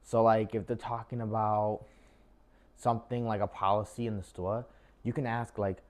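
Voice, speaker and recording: A man's voice: on the low side, flat delivery, moderate pace, darkish tone. A young man casually giving job interview advice to his viewers, chatty and full of filler words. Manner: chatty, lots of "like" and "um" fillers, addresses viewers as guys. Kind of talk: casual advice talk to camera.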